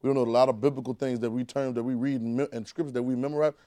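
A man's voice: medium pitch, level tone, racing, warm tone, no echo, clean studio sound. Conversational man preaching a sermon. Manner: conversational, vernacular, frequent restarts, call-and-response with the congregation.

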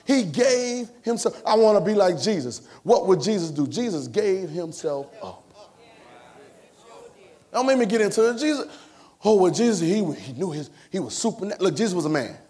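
A man preaching a sermon to a congregation, fervent and colloquial, repeating phrases and swinging between shouts and hushed asides. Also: high-pitched, very animated, moderate pace. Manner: repetitive, colloquial, talks to the congregation.

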